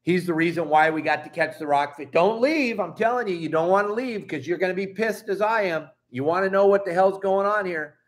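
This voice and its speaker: A man's voice: high voice, fairly quick, hardly any pauses. A middle-aged man from Southern California hosting a fishing channel, ranting angrily and emphatically, swearing and apologizing. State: upset. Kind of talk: heated vlog rant.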